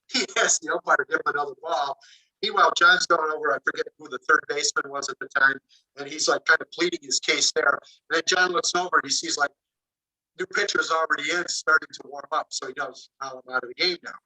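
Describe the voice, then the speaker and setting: A man speaks well away from the microphone, his voice high-ish and very bright. He tells his story loosely, with plenty of "you know" and "like," slipping into quoted dialogue as he goes. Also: far from the mic, low-quality recording. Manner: animated anecdote-telling, acting out dialogue, many fillers. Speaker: author. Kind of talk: casual storytelling.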